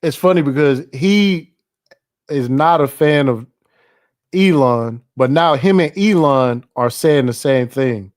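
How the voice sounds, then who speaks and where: A man's voice: mid-range voice, takes it slowly. A man hosting casual, profane political commentary, laughing often and reacting loosely to ads and clips on his screen.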